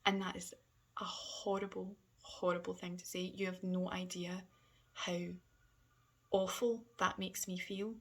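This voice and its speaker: A woman talking candidly in a personal vlog, hesitant and halting, often sinking to a soft near-whisper. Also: lowish voice, little pitch movement. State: emotional. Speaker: vlogger.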